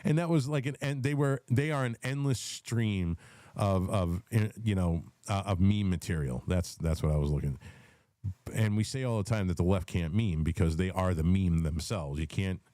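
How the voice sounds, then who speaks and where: A man's voice: low voice, normal speed, dark tone, no room sound, clean studio sound. A man in his forties hosting a casual political chat, rambling and swearing in an easygoing way. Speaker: podcast host.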